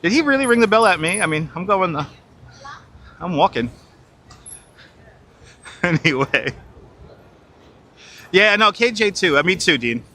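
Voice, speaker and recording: A high-pitched man, his voice very bright and cutting. He narrates a walk through crowded outdoor streets in a casual, swearing, exasperated running commentary, recorded on a wireless lapel mic. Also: lively intonation, a little slow, long pauses. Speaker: live streamer walking the city. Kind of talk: casual live-stream commentary. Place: busy city streets outdoors.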